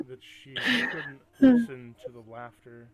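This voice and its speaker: A man's voice: medium pitch, big pitch swings, unhurried. Man playing a tabletop game. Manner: puts on a formal in-character way of speaking. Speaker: player.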